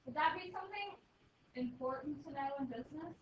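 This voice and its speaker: High-voiced encouraging woman teacher. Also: expressive, a little fast, far from the mic. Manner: encouraging, coaxing students with questions. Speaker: math teacher. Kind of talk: classroom teaching. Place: classroom. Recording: echoey muffled room recording from afar, noisy.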